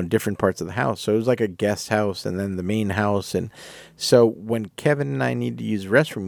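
A man's voice: lowish voice, vocal fry, dry recording, clean studio sound. A man hosting a podcast, telling a story in a casual, rambling way and correcting himself as he goes. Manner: rambling, self-correcting, animated retelling. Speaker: podcast host.

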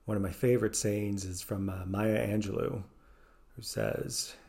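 A man leading a guided meditation, giving slow, gentle, soothing instructions. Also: lowish voice, steady tone, gravelly.

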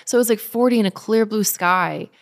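A woman's voice: medium pitch, a little fast. Chatty young woman telling a story. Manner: chatty, many fillers, acts out quoted speech. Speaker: guest telling her story. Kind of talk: casual spoken storytelling.

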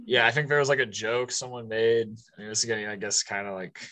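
A young man with a bright, sharp-edged voice talks casually with a friend. He laughs often, restarts sentences and lets his thoughts trail off. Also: lowish voice, steady tone, fast. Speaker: college student. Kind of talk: casual chat.

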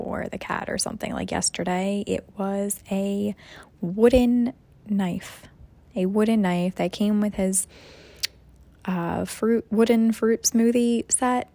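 A young mother talks on her solo podcast in a loose, rambling monologue, circling back with plenty of fillers as she reflects. Her mid-pitched voice has a gravelly fry at the edges of phrases, and the recording is close and dry with no room sound. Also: warm tone, no room sound. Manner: rambling, reflective, many "you know" fillers.

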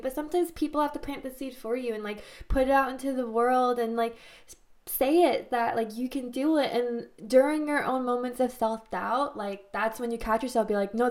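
Young female co-host, a bit high-pitched, relaxed and reflective, supportive tone. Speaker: podcast co-host. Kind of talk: casual chat.

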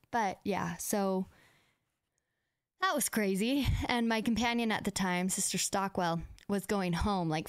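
A young woman tells personal stories in a relaxed, chatty way, scattering "like" through her sentences. Her voice is smooth and clear, with a mid-range pitch. The recording is dry and close, with no room sound. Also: no echo. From United States. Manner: chatty, fills speech with "like", acts out quoted dialogue. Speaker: podcast host. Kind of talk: casual personal storytelling.

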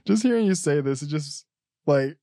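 An easygoing young man chatting casually and laughing a lot. His voice swings lively up and down and sounds dry and close to the mic. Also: a little high, normal speed, no room sound. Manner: laughs often, easygoing, slangy. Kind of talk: casual chat.

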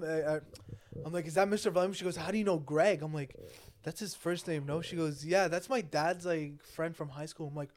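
A man's voice: fairly high pitch, normal speed, a little mellow, a little hiss or hum. A young man co-hosting a podcast, telling rambling, profane stories full of quoted voices in a casual chat. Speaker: podcast co-host.

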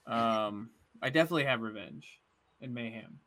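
A man's voice: medium pitch, normal speed, crowd noise. A man hosting a podcast in an easygoing way. He hesitates a lot and fills gaps with ums while he steers the chat. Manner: relaxed, hesitant, lots of ums. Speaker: podcast host. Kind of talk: casual chat.

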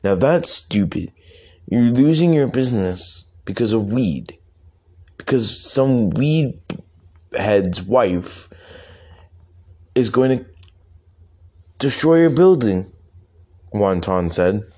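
Slow low-voiced young man telling a story. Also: lively intonation, dark tone. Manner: rambling, profane, halting restarts. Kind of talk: improvised comic story narration.

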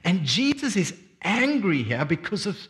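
A man preaching a sermon as a pastor, reading scripture and expounding it with expressive emphasis. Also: high voice, moderate pace. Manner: expressive preaching, swings between quiet reflection and emphatic energy.

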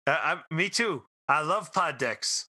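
A man's voice: on the high side, lively intonation, unhurried, pushed and bright. A man hosting a casual podcast, asking questions and giving short replies. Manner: asks questions, brief backchannel replies. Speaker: podcast host. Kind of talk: casual chat.

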